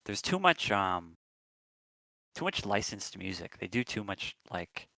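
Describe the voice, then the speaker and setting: A man's voice: lowish voice, sing-song, a little slow, bright, forceful tone, dry recording, low-quality recording. A man co-hosting a podcast, chatting casually and rambling with lots of ums and restarts. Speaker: podcast co-host. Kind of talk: casual chat.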